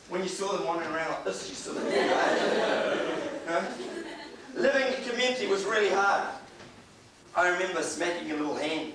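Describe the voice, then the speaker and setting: A middle-aged man, preaching a sermon and telling humorous stories from his family life. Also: high voice. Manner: storytelling with humor, acts out quoted voices. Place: church hall. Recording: echoey hall, distant mic, audible noise.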